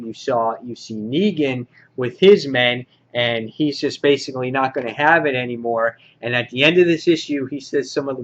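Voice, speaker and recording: A man giving a casual comic book review, rambling with many filler words and getting excited as he goes. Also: mid-range voice, highs cut off.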